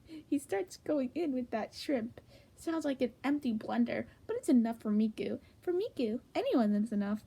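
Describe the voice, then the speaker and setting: A woman reading comedic fanfic aloud in a hushed, half-whispered voice with sudden jumps in pitch. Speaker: fanfic reader.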